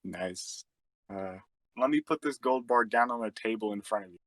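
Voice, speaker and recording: A man in casual chat with friends, joking in a deadpan way and bargaining stubbornly. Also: on the low side, moderate pace, very noisy. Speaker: podcast co-host.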